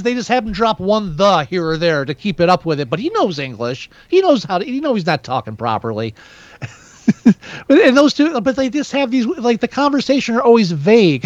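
Lively high-voiced man rambling about a movie. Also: dry recording. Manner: rambling, many restarts, animated. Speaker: podcast co-host. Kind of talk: casual movie review chat. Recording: dull lo-fi dry sound.

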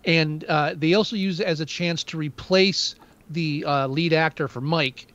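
A man's voice: on the high side, normal speed, fairly bright tone, lo-fi sound. A man co-hosting a casual movie review chat, rambling with many fillers and restarts. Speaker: podcast co-host.

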